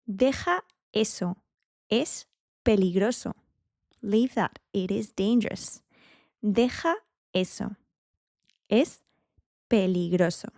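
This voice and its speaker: A woman teaching beginner Spanish, saying each phrase slowly and carefully and repeating it as a drill. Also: medium pitch, creaky, darkish tone, no room sound, clean studio sound. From Spain. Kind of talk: beginner language lesson.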